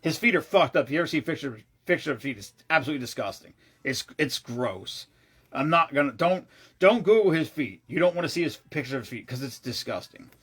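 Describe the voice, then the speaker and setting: Man vlogging, husky voice, on the high side, excitable, profane, rambling storyteller. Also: a little fast. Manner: excitable, swears freely, trails off and restarts.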